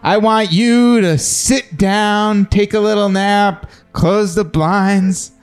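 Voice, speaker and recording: Slow-talking man, exaggerated comic delivery. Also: sits high, smooth, soft background music. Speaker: comedian guest. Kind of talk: improvised comedy performance.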